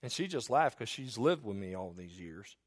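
A man's voice: on the low side, sing-song, moderate pace. A middle-aged man preaching a sermon, who jokes about himself and acts out the voices of the people he quotes.

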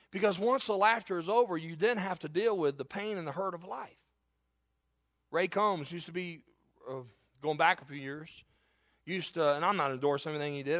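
Male preacher, middle-aged, high and bright, a storyteller who laughs at himself from the pulpit. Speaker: pastor. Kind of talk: sermon.

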